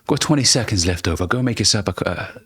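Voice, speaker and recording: Male speaking coach, lowish voice, emphatic and blunt, teaching to camera. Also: lively intonation, fairly bright tone, slightly rough. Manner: deliberate, emphatic, slows down to stress key words; blunt, casual, occasional swearing. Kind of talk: direct-to-camera coaching lesson.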